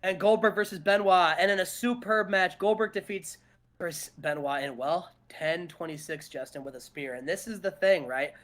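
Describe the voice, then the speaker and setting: A man co-hosting a podcast, recapping a wrestling game in casual, animated storytelling. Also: high-pitched, moderate pace. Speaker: podcast co-host.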